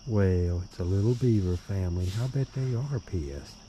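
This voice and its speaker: A man's voice: deep voice, normal speed. A tipsy man vlogging by a river on a handheld camera, rambling and cursing with chuckles in between. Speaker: bikepacking vlogger. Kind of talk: rambling outdoor vlog. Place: outdoors by a river. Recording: outdoor recording with loud nature noise. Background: crickets and insects.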